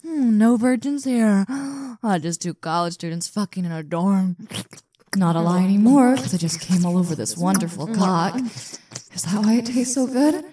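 A woman's voice: medium pitch, expressive, normal speed, mellow, no echo, lightly acted. A young woman voicing a cocky, domineering muscular college woman in an intimate audio role-play, teasing and mocking with frequent giggles. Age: young adult.

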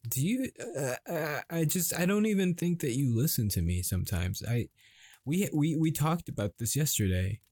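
A man's voice: a little high, animated, no room sound, studio quality. A man playing a frustrated, swearing husband. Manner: halting, swearing, escalating to yelling. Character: frustrated husband arguing with his wife at dinner. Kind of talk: improvised dramatic monologue.

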